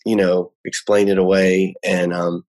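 Low-voiced man, hesitant, restarting. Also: level tone, measured pace, a little mellow. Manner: hesitant, many restarts and fillers; explains in a teacher-like way. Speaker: magician and guest. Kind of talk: casual conversation.

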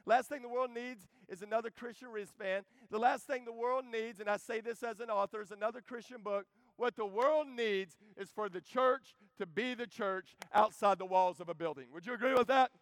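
Brief: man in his thirties, lively camp sermon, high voice, dry close sound. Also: moderate pace, few pauses, dry recording. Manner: joking, animated, calls to the crowd. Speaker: preacher.

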